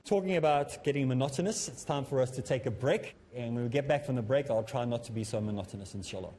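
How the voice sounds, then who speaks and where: A man presenting a televised lesson on public speaking, talking in a measured, instructive way that he himself calls a bit monotonous. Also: mid-range voice, very noisy. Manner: self-described as a bit monotonous. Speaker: Islamic teacher and TV presenter.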